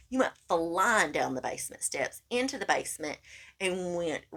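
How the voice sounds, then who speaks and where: A woman's voice: low voice, slightly rough. A woman, co-hosting a podcast and telling a story in casual chat, acting out the quoted lines with lots of animation. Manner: animated, acts out quoted lines, calls listener honey. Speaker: podcast co-host.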